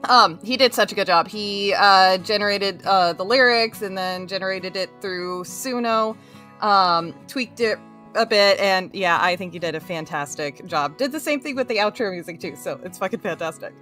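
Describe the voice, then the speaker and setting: A woman's voice: medium pitch, moderate pace, bright, forceful tone, faint music behind. A woman hosting a casual crochet live stream, bubbly and giggly, greeting her chat one by one.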